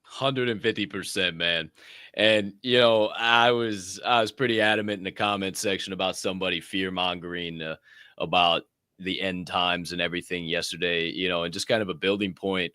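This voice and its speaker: A man's voice: low-pitched, a bit bright, no echo, clean studio sound. A man co-hosting a motivational faith podcast, talking in an exuberant, playful, hype manner. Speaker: podcast co-host. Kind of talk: energetic faith-based motivational podcast talk.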